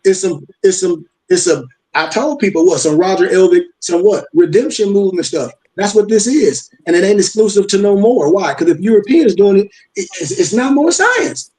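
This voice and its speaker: A man's voice: sits high, fairly quick, hardly any pauses, dark tone, poor audio. An older man, hosting a casual live-stream discussion, emphatic and preachy, firing rhetorical questions and repeating himself. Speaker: host. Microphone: video call.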